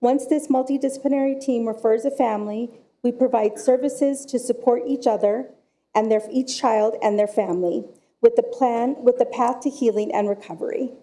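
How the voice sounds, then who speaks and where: Woman speaker at council podium, higher bright tone, measured storytelling. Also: steady tone. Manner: slow, measured storytelling delivery. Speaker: director of forensic services. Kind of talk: prepared public comment at council meeting.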